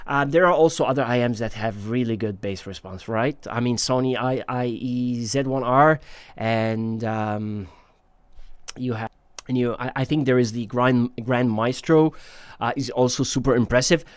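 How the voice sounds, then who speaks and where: A man talks through a gear review in a relaxed, chatty way, full of pauses and little fillers. He sounds genuinely excited about what he is describing, and his voice sits at an ordinary middle pitch. The recording is close and dry, with no room sound. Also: no echo. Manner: enthusiastic, hesitant with frequent fillers. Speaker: headphone reviewer, channel host. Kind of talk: casual product review talk.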